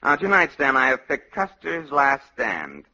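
A man voicing a smug, blunt scandal researcher with a husky voice, in a 1950s radio comedy style. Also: mid-range voice, huge pitch swings, unhurried, pushed and bright, full character voice. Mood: insistent. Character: sleazy middle-aged male scandal researcher, smug and blunt. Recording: dull lo-fi old radio recording.

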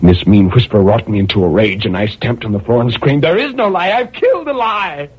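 A man's voice: fairly low pitch, fairly even intonation, brisk, breathy edge. An actor playing a tormented male murderer pacing his prison cell, in an intense dramatic radio monologue that swings from brooding murmurs to anguished cries. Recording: tinny old radio broadcast.

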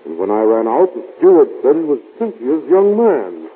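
An actor in a 1930s radio serial playing a calm fatherly man who reassures his daughter, on a tinny old recording. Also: medium pitch, slightly rough. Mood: soothing. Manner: soothing, measured reassurance.

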